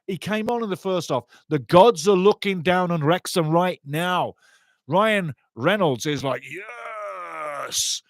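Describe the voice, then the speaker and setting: A man giving passionate live football commentary, chatting to viewers and shouting when goals go in. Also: on the high side, dry recording. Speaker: football watch-along commentator. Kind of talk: excitable live match commentary.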